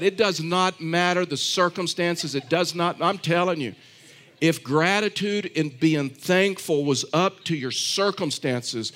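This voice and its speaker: A man's voice: on the high side, a bit bright. A man preaching a sermon, earnest and repetitive, telling stories with frequent restarts. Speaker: pastor.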